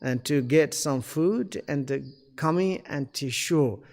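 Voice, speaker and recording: A man giving a spiritual teaching in halting English, searching for words, with many fillers and throat-clearing. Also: on the high side, darkish tone, long reverb tail. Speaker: Buddhist teacher.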